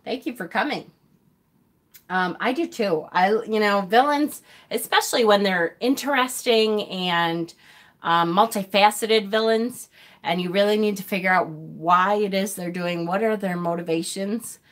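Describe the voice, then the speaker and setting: Middle-aged woman, live-stream host, chatty and rambling, quick to laugh, everyday mid-range voice. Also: medium pitch. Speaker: livestream host. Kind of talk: casual live chat reading viewer comments.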